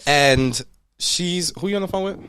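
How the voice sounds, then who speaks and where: A man's voice: sits high, moderate pace, smooth, no room sound, studio quality. A man co-hosting a casual podcast, telling a story with lots of swearing and quoted back-and-forth. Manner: profane, animated retelling with quoted voices. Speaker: podcast co-host.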